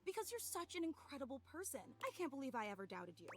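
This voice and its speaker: An overly emotional, clingy fan girl gushes and apologizes in a high, lively voice. She talks in a tearful rush of adoration. Faint music sits under this game dialogue. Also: racing. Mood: gushing. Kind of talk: video game voice acting.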